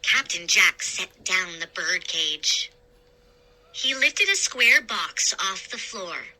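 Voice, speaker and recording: A woman narrating a spooky children's story aloud in a slow, expressive reading. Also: on the low side, low-quality recording. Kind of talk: scary story read-aloud.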